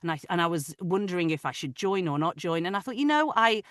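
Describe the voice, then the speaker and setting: A woman with a Manchester accent, an audiobook narrator chatting in an interview over a video call; she laughs often and lets her sentences trail off softly. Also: lowish voice, sing-song, quick pace, no room sound, clean studio sound. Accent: Manchester English. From Manchester, England. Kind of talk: casual interview chat.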